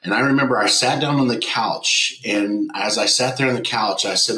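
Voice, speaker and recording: A man's voice: on the low side, moderate pace, pushed and bright, echoey room, rough recording. A man, a business owner telling an emotional personal testimony as an interview guest, acting out the dialogue he quotes. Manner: earnest storyteller who acts out quoted dialogue.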